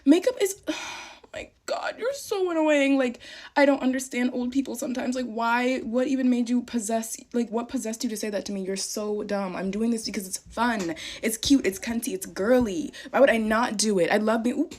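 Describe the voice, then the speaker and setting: A woman's voice: on the high side, fairly even intonation, fairly quick, a little mellow. Irritated young woman ranting into camera. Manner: irritated, profane, dramatic ranting. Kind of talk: casual vlog rant.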